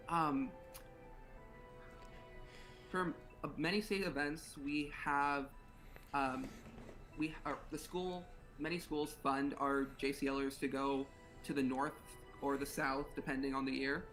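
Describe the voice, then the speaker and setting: A man's voice: on the high side, steady tone, takes it slowly, long pauses, fairly bright tone, faint music behind, low-quality recording. A teenage young man from Nevada, answering interview questions earnestly and hesitantly, with lots of fillers. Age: teens. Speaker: interview guest, student officer.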